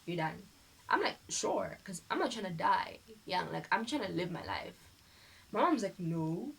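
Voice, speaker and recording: Animated South African woman telling a story. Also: on the low side, moderate pace, gravelly, husky, rough recording. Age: teens. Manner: animated, acts out quoted people. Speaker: vlogger. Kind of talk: casual storytelling vlog. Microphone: phone camera.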